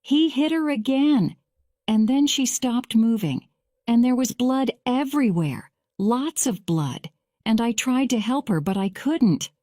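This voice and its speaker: A defensive young man under questioning in a courtroom storybook, read by a woman. The voice is slow and mellow, with a dry, close sound. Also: fairly high pitch, animated, no room sound. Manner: measured, slow graded-reader delivery.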